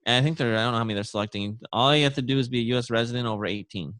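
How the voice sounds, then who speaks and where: A man's voice: medium pitch, rapid-fire, fairly bright tone, dry recording. A man hosting a podcast, casually reading odd news stories aloud between laughs and joking asides. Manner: reads news aloud, laughs, breaks into jokey put-on voices. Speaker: podcast host.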